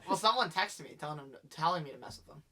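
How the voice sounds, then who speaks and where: A man's voice: on the high side, expressive, fast talker, sharp tone. A man co-hosting a casual podcast, teasing and blunt in his trash talk. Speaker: co-host.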